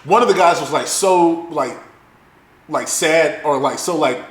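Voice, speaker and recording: Man, high voice, animated storyteller, swears a lot, echoey room. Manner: animated, profane, fast-talking storyteller. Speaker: podcast co-host. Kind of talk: casual storytelling chat.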